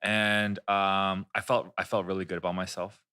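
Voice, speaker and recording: A man's voice: low-pitched, level tone, moderate pace, bright, forceful tone, clear, resonant tone. A man hosting a podcast, telling a story in casual chat, rambling and swearing, with lots of restarts. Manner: rambling, profane, full of restarts. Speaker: podcast host.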